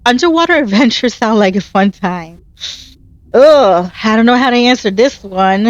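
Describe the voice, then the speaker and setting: A woman's voice: fairly high pitch, animated, unhurried, highs cut off. Earnest woman giving gameplay commentary. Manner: earnest, heartfelt, encouraging. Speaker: gaming channel host.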